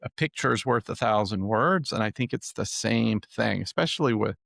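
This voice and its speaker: Gravelly-voiced podcast host. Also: male voice, fairly low pitch, expressive, moderate pace, a bit bright, no room sound. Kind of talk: casual interview chat.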